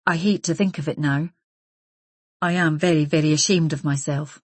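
A woman's voice: deep voice, fairly even intonation, moderate pace, breathy edge, dry recording. A woman reading as a hesitant, ashamed woman. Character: remorseful grown woman, former school bully. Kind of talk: audiobook character voice.

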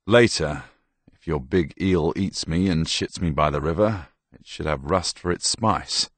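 A man's voice: extremely low pitch, a little slow, a bit bright, dry recording, full character voice. A man doing a jovial, joking old priest. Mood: wry. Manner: wry, joking. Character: jovial, joking older male village priest.

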